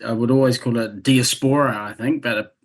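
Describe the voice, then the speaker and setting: A man's voice: medium pitch, fairly even intonation, fairly quick. A man with a New Zealand accent, a guest on a podcast, talking things through in a thoughtful, wry, rambling way. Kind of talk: casual chat.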